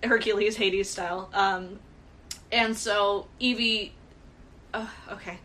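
A woman co-hosting a podcast, chatting about a movie in a casual, animated way and swearing often. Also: medium pitch, slow, slight background noise. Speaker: podcast co-host. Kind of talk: casual movie recap chat.

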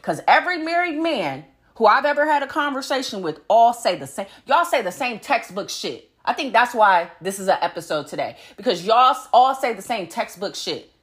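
A woman hosting a casual solo podcast, blunt and profane, laughing between points as she swings from loud emphasis to low muttering. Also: big pitch swings, moderate pace, few pauses, husky. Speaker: podcast host.

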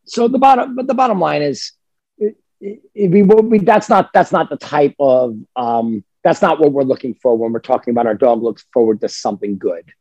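Male dog trainer, husky and a little high, emphatic podcast chatter in a dry room. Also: no echo. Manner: emphatic, animated, acts out dog voices. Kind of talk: casual podcast chat.

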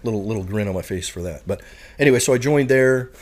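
A man's voice: on the low side, fast talker, a little mellow. A man in his forties from Canada, a retired Marine guest telling crude anecdotes in a laughing, casual way. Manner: profane, laughing anecdotes with lots of "like" and "right?". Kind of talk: casual storytelling.

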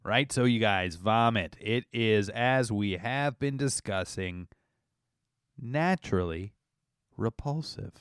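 A man's voice: lowish voice, takes it slowly, smooth, dry recording, studio quality. A man hosting a casual comedy radio show, playful and laughing often, explaining with frequent asides.

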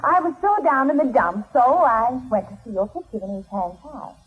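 A woman playing a sassy, sharp-tongued young woman in a 1940s radio comedy, teasing and cutting. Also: on the high side, very animated, moderate pace. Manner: sassy, teasing put-down delivery. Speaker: guest actress in a radio comedy. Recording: tinny, noisy old radio broadcast.

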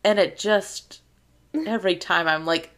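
A woman's voice: fairly low pitch, measured pace, fairly bright tone. A woman co-hosting a podcast, chatting casually and recapping a sitcom episode, laughing often. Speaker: podcast co-host.

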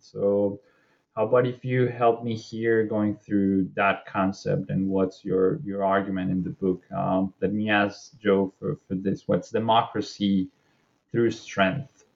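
Gravelly man asking questions, lo-fi. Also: on the low side, darkish tone. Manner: hesitant, reflective. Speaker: interviewer. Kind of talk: interview questions. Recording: dull lo-fi audio.

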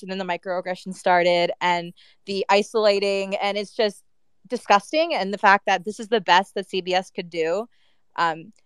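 Woman ranting in a chat room, super clear smooth voice, lots of likes and ums, dry close sound. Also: mid-range voice, dry recording. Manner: heated, with frequent "like" and "um" fillers. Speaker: guest speaker. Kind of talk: casual audio chat-room discussion.

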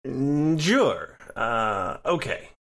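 A man's voice: mid-range voice, big pitch swings, drawn-out words, creaky, fairly bright tone. A man co-hosting a podcast in casual sports chat, wry and joking, with rambling asides. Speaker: podcast co-host.

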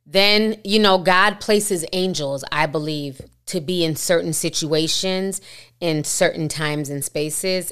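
A woman's voice: low voice, fairly bright tone, clean tone. A woman hosting a commentary vlog, talking conversationally and straight to her viewers. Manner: conversational, addresses viewers directly. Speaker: host.

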